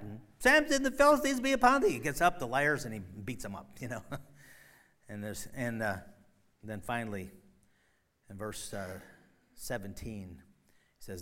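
A man preaching a sermon, retelling a story in a loose, conversational way with many fillers and sudden loud, emphatic bursts. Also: on the low side. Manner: frequent fillers and restarts, conversational.

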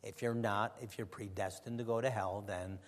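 A man putting on the voice of an older male radio Bible teacher who answers callers slowly and flatly. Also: fairly low pitch, in a large hall, voice pushed down, close to an everyday voice. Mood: detached. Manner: slow, flat, matter-of-fact answers.

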